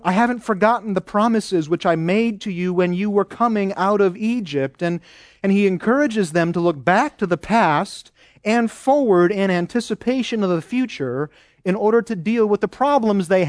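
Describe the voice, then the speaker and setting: High-voiced preacher, earnest and emphatic. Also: male voice, no echo, studio quality. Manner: earnest, builds to emphatic repeated exhortations. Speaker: pastor. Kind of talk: sermon.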